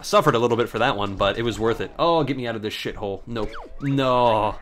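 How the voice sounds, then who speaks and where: A man's voice: medium pitch, brisk, a bit bright, faint music behind. A young man casually commentating a video game, rambling through a sarcastic story about work and swearing freely. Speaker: gameplay commentator. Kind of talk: casual let's play commentary.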